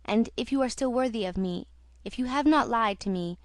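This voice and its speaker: A possessive, jealous male spirit speaks from hiding, read by a woman in a storybook telling. Cold and quiet, with a dry close recording. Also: fairly high pitch, fairly quick, dry recording, natural voice. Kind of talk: audiobook reading.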